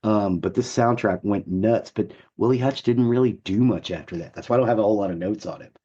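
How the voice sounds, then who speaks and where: A man with a gruff, hoarse voice co-hosting a podcast, chatting enthusiastically with lots of fillers. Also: lowish voice, brisk, dark tone, dull audio. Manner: enthusiastic, rambling with many fillers. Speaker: podcast co-host. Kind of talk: casual chat.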